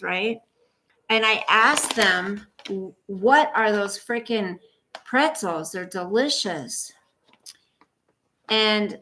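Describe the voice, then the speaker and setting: An older woman vlogger chats casually to her viewers and coos baby talk at her dog, her voice medium-pitched and fairly bright. The room is echoey, she sits a little off-mic, and there's faint noise.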